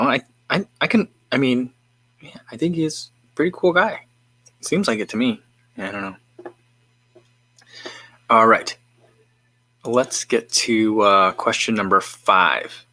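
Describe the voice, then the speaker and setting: A man hosts a live stream in an easygoing, rambling way, often breaking off and restarting his thoughts as he reads viewer comments. His voice is bright and forceful. The sound is dry and close, with no room around it. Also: medium pitch, no echo. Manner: musing and rambling, with frequent self-interrupting restarts. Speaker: livestream host. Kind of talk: casual chat, reading viewer comments.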